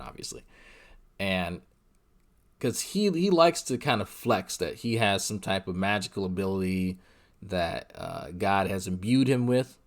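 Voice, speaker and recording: Male streamer, slightly low voice, casual, profane, quick to laugh. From Louisiana. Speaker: livestream commentary host. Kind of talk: casual livestream commentary.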